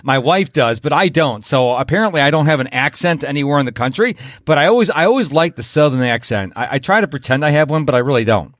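A man hosting a podcast in a chatty, upbeat way. His voice sits a little on the high side, and the recording is dry and close with no room sound. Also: lively intonation, fast, hardly any pauses, no room sound. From Rochester, New York. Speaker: podcast host.

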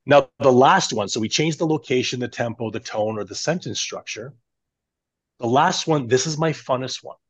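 A man on a podcast, guiding his hosts through a self-talk exercise in an animated, instructive way. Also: medium pitch, moderate pace, husky. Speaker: coach guest on podcast. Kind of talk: conversational coaching demonstration.

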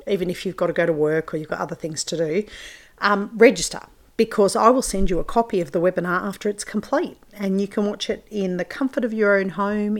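Chatty woman podcast host. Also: mid-range voice. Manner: chatty, informal, many fillers. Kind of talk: solo podcast talk.

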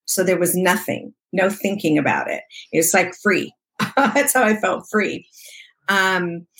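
Husky older lady telling her story in an interview, kinda low voice, acts out the dialogue. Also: slow. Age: 60s. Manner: expressive, laughs often, vivid retelling with quoted dialogue. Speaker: interview guest. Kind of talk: conversational storytelling.

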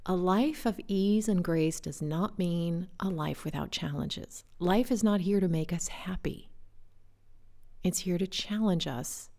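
Gravelly-voiced woman life coach. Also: lowish voice. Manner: gentle, introspective, with soft laughs and whispered asides. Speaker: life coach and podcast host. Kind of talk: reflective storytelling monologue.

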